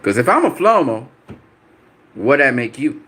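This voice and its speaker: A man's voice: mid-range voice, very animated, measured pace, bright, forceful tone, slightly rough. A man hosting a boxing channel, answering viewer comments on a live stream in a combative, profane way, repeating himself for emphasis.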